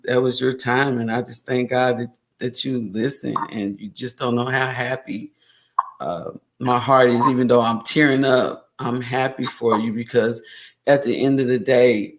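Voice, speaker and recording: Gravelly host, tearful and heartfelt. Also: male voice, mid-range voice. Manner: emotional, rambling, heartfelt. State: in tears. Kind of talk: live stream chat.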